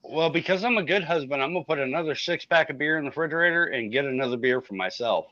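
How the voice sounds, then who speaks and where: A man with a bright voice who chats casually on a live stream and teases in a dry, easygoing way. His audio sounds dull and lo-fi. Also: a little high, expressive, fast talker. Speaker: guest on a motorcycle live stream.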